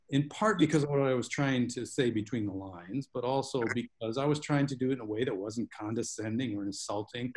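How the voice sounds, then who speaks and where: A man, a guest author, telling long stories with tangents in a book club discussion over a video call. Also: medium pitch. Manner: rambling, self-aware storyteller with tangents.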